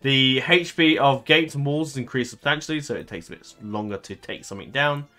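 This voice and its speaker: A man's voice: medium pitch, fairly quick, bright, forceful tone. A man giving casual commentary over a strategy game. He rambles and fills his talk with ums and self-corrections. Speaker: gaming channel host.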